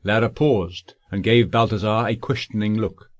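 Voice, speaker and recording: A man reading an audiobook novel in a steady, measured narration. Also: on the low side, no echo. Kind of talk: scripted narration.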